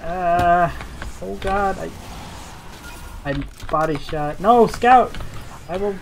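A young man giving jittery, self-mocking commentary while playing a game, with excitable outbursts. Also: high-pitched, takes it slowly, vocal fry, a little hiss or hum. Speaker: gaming video creator. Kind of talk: live gameplay commentary.

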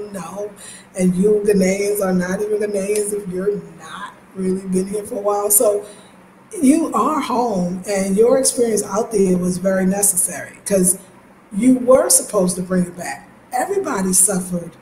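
A woman in her fifties with an African American accent, talking in an animated, emphatic way as a lifestyle channel host, with laughs and casual swearing. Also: mid-range voice, echoey room, slight background noise, poor audio. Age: 50s. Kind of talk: casual monologue.

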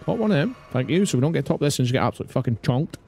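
A man's voice: on the high side, animated, rapid-fire, mellow, husky, faint music behind. A man with a British accent doing live gameplay commentary, swearing and ranting at the game in exasperation. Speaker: streamer.

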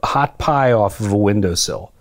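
A man's voice: on the low side, normal speed. A man hosting a comedy podcast, running acting games in a laid-back way. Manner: laid-back, game-show style prompts. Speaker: podcast host. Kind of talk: casual comedy podcast chat.

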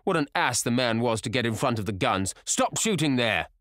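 A man doing a brusque, shouting country squire. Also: low-pitched, normal speed, no echo, studio quality. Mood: angry shouting. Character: hot-tempered aristocratic male shooting host.

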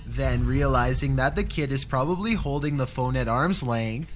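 A man's voice: medium pitch, normal speed, slight background noise. A man giving scripted narration for a countdown video, delivered with dry, sarcastic asides.

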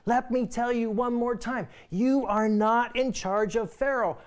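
A man's voice: very high voice, steady tone, unhurried, clean tone, voice pushed up. A man voicing an exasperated male God who sighs and coaxes a reluctant follower with impatient urging. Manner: sighing, impatient, coaxing.

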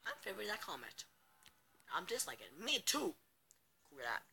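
A woman's voice: fairly low pitch, sing-song, a little fast, vocal fry. A young woman reading out comments on her channel, giggling and swearing as she reacts. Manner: giggly, swearing, bursts into loud laughter. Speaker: channel owner. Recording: faint music behind.

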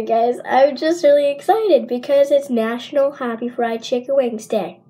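A woman hosting a reaction video in casual chat with viewers, giggly and full of fillers, her voice a little rough from being sick. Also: a little high, moderate pace, few pauses, noisy background. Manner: giggly and chatty, many fillers.

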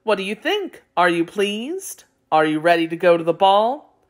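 Gentle fairy godmother, as a woman reads her. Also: medium pitch, lively intonation, takes it slowly. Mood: kind. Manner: gentle, soft-spoken. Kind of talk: storybook read-aloud.

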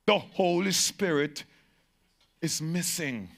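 High, gravelly, bright-voiced male preacher. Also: expressive. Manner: emphatic preaching, swinging from shouted peaks to low, drawn-out phrases; insistent repetition of phrases. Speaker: pastor. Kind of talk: sermon to a live congregation.

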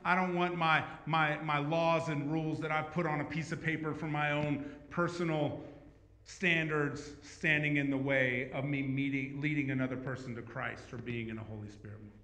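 A man preaching a sermon as pastor, talking in a conversational way that swings from emphatic to hushed. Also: on the high side, steady tone, normal speed. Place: church sanctuary. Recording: echoey church hall.

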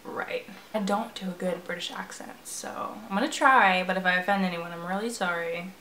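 A woman's voice: fairly low pitch, normal speed, sharp tone, a little hiss or hum. Chatty young woman in a roomy room. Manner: chatty, self-mocking, swears a lot. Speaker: vlogger playing a phone game. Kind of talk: casual gameplay chat.

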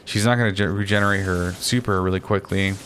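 Swearing at opponents and ranting through his gameplay commentary, this young man speaks quickly in a steady, fairly bright voice that rises in pitch when he's riled up. He uses fillers and restarts, and there's slight hiss or hum on the recording.

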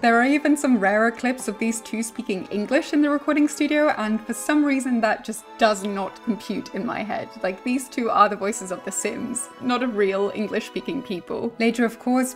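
A woman who is not American, a linguist, reading a scripted explainer in a clear, measured, lightly humorous way. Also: mid-range voice, faint music behind. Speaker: linguist presenting a video essay.

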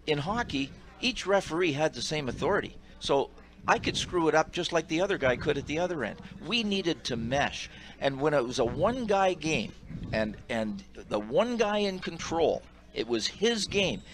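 An older man, a retired hockey referee, telling animated stories on a sports radio panel. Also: on the high side, normal speed, slight background noise, rough recording. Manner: animated anecdotes with acted quotes.

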